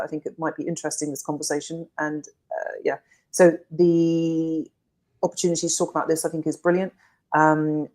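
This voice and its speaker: A woman, a company co-founder, talking on a video-call panel in a hesitant way with many pauses and fillers. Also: deep voice, darkish tone. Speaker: co-founder guest. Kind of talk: casual panel chat.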